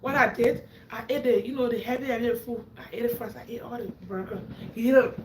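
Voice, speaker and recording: A woman from Africa, hosting a livestream and telling a story in an animated way, laughing often and acting out quotes. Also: a little high, fairly quick, reverberant, background noise. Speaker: livestream host. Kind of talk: animated storytelling to a live audience.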